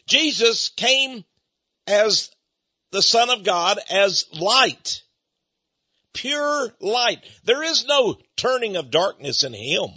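Male preacher, high husky voice, dry sound, emphatic slow stresses, dull lo-fi recording. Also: big pitch swings, bright, forceful tone, dry recording. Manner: emphatic, drawn-out stresses, acts out quotes. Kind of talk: sermon.

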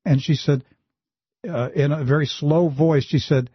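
Husky animated male talk show host. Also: measured pace, dry recording, lo-fi sound. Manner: animated storyteller, voice rising high for emphasis. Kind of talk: Christian talk show conversation and storytelling.

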